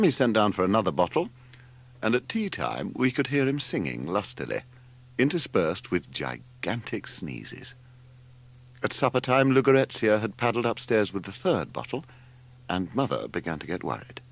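An older man reading a novel aloud as audiobook narrator, in an expressive storytelling manner. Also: gravelly. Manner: expressive storytelling, wide swings in pitch. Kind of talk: scripted narration.

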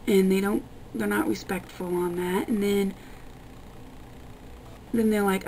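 A young woman vlogging, ranting in an exasperated, profane way with a gravelly voice. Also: mid-range voice, fairly even intonation, a little slow, darkish tone, slight background noise, low-quality recording. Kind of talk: casual ranting vlog.

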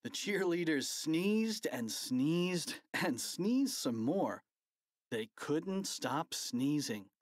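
Children's audiobook narrator, animated, playful, slow pace, dry close sound. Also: mid-range voice, no echo.

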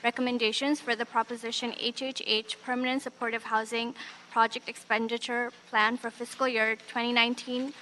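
A woman clerk reads an agenda item aloud in a plain, monotone delivery. Her voice is fairly high and bright. A faint room hum sits behind her. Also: a little fast, rough recording. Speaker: meeting clerk. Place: city council chamber.

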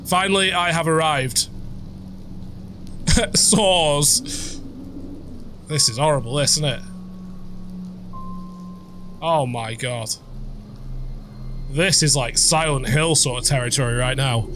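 A man's voice: fairly high pitch, takes it slowly, long pauses. Young man, horror let's-play host, jumpy and sweary, faint hiss behind. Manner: jumpy, swearing, muttering reactions. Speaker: gaming YouTuber.

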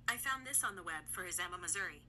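A synthetic female voice assistant answering in even, polite phrases, played through speakers. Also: fairly low pitch, fast. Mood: neutral.

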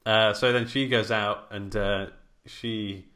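A British man with a fairly low voice talks casually on a podcast, recapping a film's plot in rambling stretches full of fillers. He speaks in an easygoing, conversational way. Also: steady tone, takes it slowly, bright, forceful tone. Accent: British English. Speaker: podcast co-host. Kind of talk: casual film discussion.

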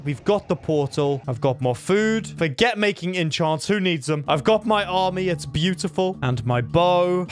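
A young man commentating a Minecraft challenge, excitable, talking to the game's creatures and yelping when things go wrong. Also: high-pitched. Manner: excitable, talks to mobs, yelps in panic. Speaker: gaming YouTuber.

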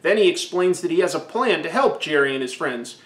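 A man recapping an old comic with wry sarcasm. His voice sits high for a man and carries an echoey, roomy sound. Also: lively intonation, a little fast, fairly bright tone. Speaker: comic book reviewer. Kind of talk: comedic recap commentary.

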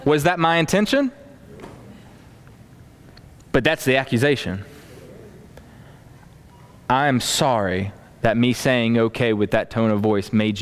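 A man preaching a sermon to a congregation, acting out everyday dialogue as he teaches. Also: mid-range voice. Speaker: pastor.

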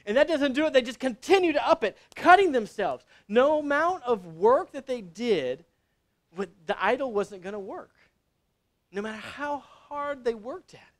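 A man preaching a sermon to young adults, telling the story in a casual, conversational way with sudden loud exclamations. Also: extremely high pitch, lively intonation, normal speed.

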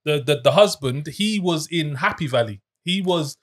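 A man's voice: a little high, animated, moderate pace, fairly bright tone, slight background noise. A man hosting a casual film review chat, playful and teasing, often repeating himself. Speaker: podcast host.

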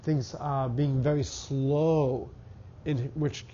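A middle-aged math professor with a Boston accent gives a university lecture in a lecture hall, thinking aloud with fillers and restarts. His medium-pitched voice is mellow, steady, and stuffy-sounding from congestion, with drawn-out words. The recording is muffled, with a slight hiss or hum.

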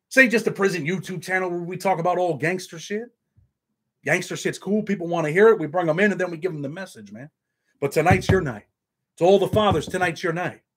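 A man with a husky, slightly raised voice talks straight to his viewers. His delivery is blunt and heartfelt, and "man" closes almost every line. He is the regular host of his own online show. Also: fairly high pitch. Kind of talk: casual straight-talking monologue to camera.

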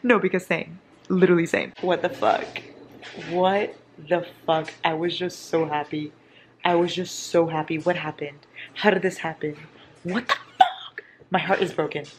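A woman's voice: fairly low pitch, fairly even intonation, normal speed, a little hiss or hum. A young woman vlogging about her reading at home, talking casually and dramatically, gushing and swearing as she reacts. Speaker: book vlogger.

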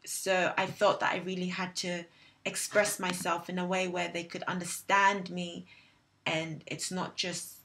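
A woman's voice: fairly low pitch, level tone, a little slow, fairly bright tone, a little hiss or hum. A young woman from England, hosting a casual discussion and reflecting aloud while searching for her words. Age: young adult. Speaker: host.

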